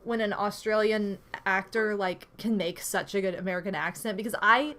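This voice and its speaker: A woman's voice: mid-range voice, steady tone, normal speed, fairly bright tone. A woman streamer hosting a movie night, chatting casually and rambling, laughing often as she talks over the film.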